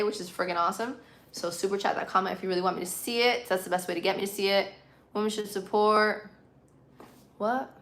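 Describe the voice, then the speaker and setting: A woman's voice: mid-range voice, bright, forceful tone, echoey room. Young adult woman streamer, bilingual, casual chat read off comments, leans on words for emphasis. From Puerto Rican and Colombian, living in the US. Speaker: live streamer.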